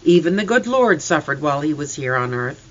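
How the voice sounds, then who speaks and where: A storybook reader voicing a patient, comforting rural mother speaking softly to her grieving son. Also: medium pitch, very animated, a little fast, natural voice. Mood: soothing. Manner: soft, comforting. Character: gentle rural mother, middle-aged, tender and patient. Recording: slightly distant, dull lo-fi.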